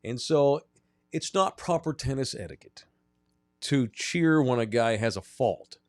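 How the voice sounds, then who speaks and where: A man's voice: mid-range voice, lively intonation, unhurried, dry recording, clean studio sound. A man co-hosting a sports podcast, telling stories in a blunt, profane way. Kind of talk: casual sports chat.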